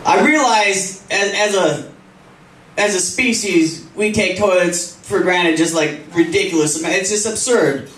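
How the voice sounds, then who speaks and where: This young man's stand-up set is crude and self-mocking, and he laughs through the punchlines. His high, slightly bright voice moves at a measured pace, picked up by a far-off mic in a roomy club with a little background noise and audience laughter.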